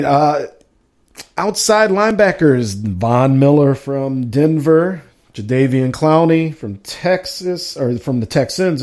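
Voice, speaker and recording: A man hosting a live sports podcast, reading out a player roster with casual asides and shout-outs. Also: a little high. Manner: reads out a list with running asides.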